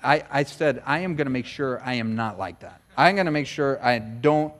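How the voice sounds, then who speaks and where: A man's voice: medium pitch, lively intonation, moderate pace, fairly bright tone. A middle-aged American man preaching a conversational sermon as pastor, often acting out short voices of other people. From United States.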